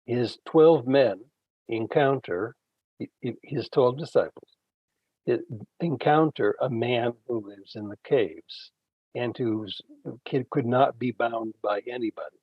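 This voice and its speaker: A man, a Bible scholar guest, retelling ancient stories in an unhurried conversational way with frequent fillers. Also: medium pitch, slightly rough, no echo, muffled recording. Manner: unhurried storytelling, frequent fillers, acts out quoted characters.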